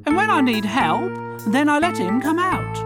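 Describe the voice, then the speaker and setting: A woman's voice: high-pitched, very animated, moderate pace, over loud music, voice pushed up. A woman voicing a mischievous male cat in a tall hat in a storybook, talking in a boastful, playful sing-song way.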